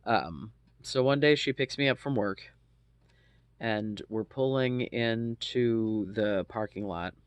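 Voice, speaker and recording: Low-voiced rambling storyteller, dry close mic. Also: slow pace, clear, resonant tone, no echo. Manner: rambling with many ums and asides, swears freely. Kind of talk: casual storytelling to camera.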